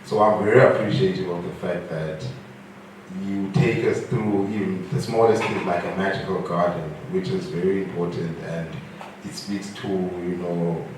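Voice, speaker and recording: A man's voice: low-pitched, fairly even intonation, moderate pace. A man in the audience commenting hesitantly, often repeating words as he searches for them. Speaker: audience member. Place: event hall. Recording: echoey hall from far off, some noise.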